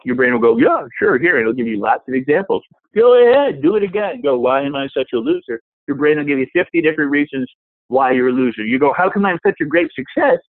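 A man's voice: medium pitch, dry recording. A man giving a motivational self-help talk, acting out the voices in your head. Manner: animated, acts out inner voices. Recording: tinny phone-like radio sound.

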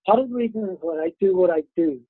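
A man's voice: sits high, quick pace, breathy edge, dry recording. A British man giving an upbeat, self-promoting keynote talk, slightly congested with the sniffles. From United Kingdom. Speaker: keynote speaker. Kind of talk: motivational presentation. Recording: tinny phone-like dry line.

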